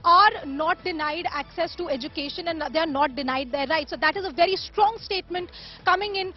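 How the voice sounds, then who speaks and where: A woman's voice: very high voice, fairly quick. A woman reporting live from outside a court as a field reporter, speaking with many fillers and restarts. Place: outdoors at a court. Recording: dull lo-fi broadcast audio.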